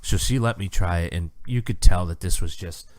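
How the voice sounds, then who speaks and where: A man's voice: low-pitched, moderate pace, no room sound. A man co-hosting a podcast, telling a restaurant story in casual chat and acting out other people's lines. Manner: animated storyteller, acts out waiters' lines. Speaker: podcast co-host.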